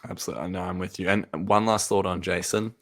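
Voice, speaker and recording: Low gravelly-voiced podcast host. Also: male voice, flat delivery, fast talker, a bit bright. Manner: rambling, enthusiastic, many restarts. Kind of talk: casual fan discussion.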